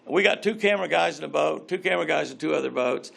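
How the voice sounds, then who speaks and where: An older man, telling rambling, animated fishing stories as an interview guest. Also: fairly high pitch, fast, creaky. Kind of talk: casual storytelling interview.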